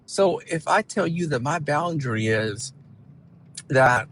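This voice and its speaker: An animated male counselor talks straight to the listener. His voice sits somewhat high, and he presses hard on key words and keeps tossing in "right?" as he goes. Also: slow pace, a little hiss or hum, rough recording. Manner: emphatic, animated, peppered with "right?". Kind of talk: motivational talk to camera.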